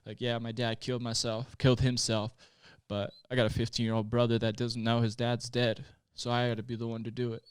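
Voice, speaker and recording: A man's voice: medium pitch, completely flat delivery, fairly quick, hardly any pauses, smooth, dry recording, studio quality. Candid, plainspoken man in his late twenties. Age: late 20s. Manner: candid and plainspoken, with frequent swearing and fillers. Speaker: podcast guest. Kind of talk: personal storytelling in casual conversation.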